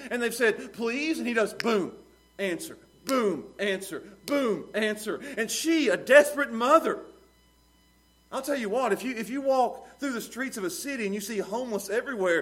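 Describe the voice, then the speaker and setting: A middle-aged man preaching with a high, lifted voice. He swings between hushed asides and loud, pleading outbursts, acting out the people in his story. His delivery is lively and theatrical. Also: husky. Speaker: pastor. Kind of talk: sermon.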